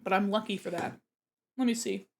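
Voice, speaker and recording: A woman's voice: mid-range voice, a little fast, a little mellow. A young woman streaming from home, chatting casually and giggling while she eats, with her mic set away from her face. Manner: giggly, chatty, talking with her mouth full. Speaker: art streamer.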